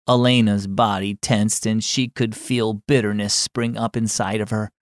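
A man hosting a children's devotional program, narrating a story in a gentle, scripted storytelling manner. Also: lowish voice, steady tone, moderate pace, hardly any pauses, dry recording, studio quality. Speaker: host and storyteller.

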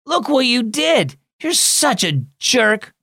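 A man's voice: very high voice, animated, normal speed, pitched above the performer's own voice. A man voicing an earnest young boy who is the lonely new kid at school, in a children's storybook reading. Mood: angry. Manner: pleading, hurt.

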